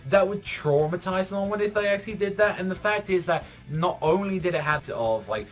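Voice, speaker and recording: A man's voice: high voice, fairly quick, soft background music. Rambling casual man reviewing manga. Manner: rambling, heavy use of "like", swearing.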